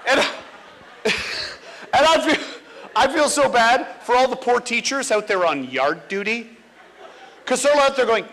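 Lively high-voiced man telling comic stories. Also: unhurried, long pauses. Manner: animated, acts out kids and teachers. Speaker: speaker. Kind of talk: comic talk.

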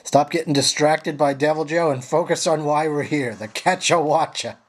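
A man giving profane, frustrated live commentary while playing a video game, yelling at his companions and apologizing to viewers. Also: a little high, moderate pace. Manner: frustrated, swearing, sarcastic. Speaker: gameplay commentator.

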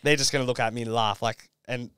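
Laid-back young Australian man, smooth voice. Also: medium pitch, steady tone, quick pace, fairly bright tone, no room sound. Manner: laid-back storytelling, heavy on "like". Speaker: podcast guest. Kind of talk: casual chat.

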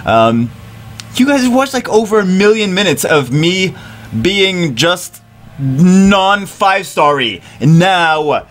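A man giving excited commentary over a mobile game, giddy, loud and swearing, laughing as he plays. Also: high voice, slow. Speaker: mobile game video creator.

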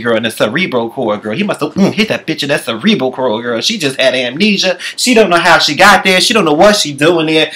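A man delivering a sassy, profane comic rant, calling the listener "girl" and swooping his pitch around wildly. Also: sharp tone. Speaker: comedian.

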